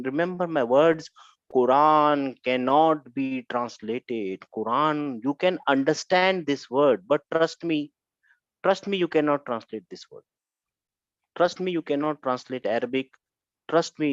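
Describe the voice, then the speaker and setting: A man's voice: a little high, no room sound, muffled recording. Earnest man teaching grammar online. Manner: repetitive, earnest explaining.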